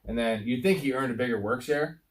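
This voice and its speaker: A man's voice: mid-range voice, brisk, a little hiss or hum. Casual swearing man, distant mic. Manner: loose, swearing, says he is drunk. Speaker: podcast co-host. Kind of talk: casual sports podcast chat.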